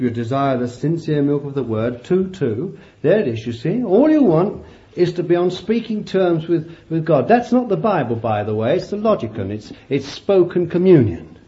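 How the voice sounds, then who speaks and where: A man preaching a sermon, animated and laughing often as he calls his listeners beloved. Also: high voice, muffled recording.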